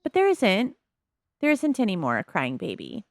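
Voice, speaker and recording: A woman chatting casually as she plays a life-simulation game, musing aloud with soft laughs. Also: mid-range voice, huge pitch swings, moderate pace, no echo. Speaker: gameplay commentator.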